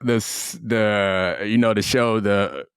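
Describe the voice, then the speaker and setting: A man co-hosting a podcast, talking in a thoughtful, measured way and often hedging as he works through ideas. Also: lowish voice, smooth, dry recording, clean studio sound. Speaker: podcast co-host. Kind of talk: casual sports and culture chat.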